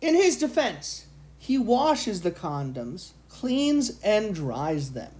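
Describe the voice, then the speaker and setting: A man reads a story aloud on a podcast, his pitch bouncing up and down as he plays with the lines. He breaks off to joke around. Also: very animated, takes it slowly, darkish tone. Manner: playful, laughs between lines. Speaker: podcast co-host. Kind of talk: reading stories aloud and chatting.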